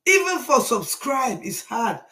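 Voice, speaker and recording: A woman's voice: sits high, sing-song, measured pace. Rambling woman live-streaming. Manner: rambling, greets viewers one by one, rising to loud bursts. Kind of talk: casual live-stream chat.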